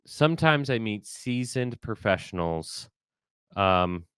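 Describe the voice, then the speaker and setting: A man hosting a podcast interview, talking in an animated, emphatic way with frequent restarts. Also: lowish voice, slow, clean tone, no echo, studio quality. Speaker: podcast host. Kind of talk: conversational interview.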